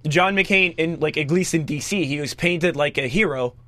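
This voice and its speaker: A young man from Washington, D.C., co-hosting a casual political chat, talking quickly with lots of "like" fillers. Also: fairly high pitch, dry recording. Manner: quick, animated, full of "like" fillers. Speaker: podcast co-host.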